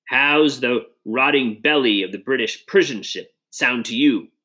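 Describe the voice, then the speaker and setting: A man's voice: medium pitch, measured pace, sharp tone, rough recording. Sneering bully villain, put on by a male reader, snarling, mocking, storybook baddie.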